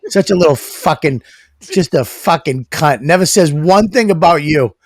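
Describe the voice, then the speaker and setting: A man's voice: a little high, expressive, moderate pace, no echo, studio quality. A middle-aged man co-hosting a podcast, ranting crudely with lots of swearing and laughter. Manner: profane, ranting, laughs often. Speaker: podcast co-host. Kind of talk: crude comedic banter.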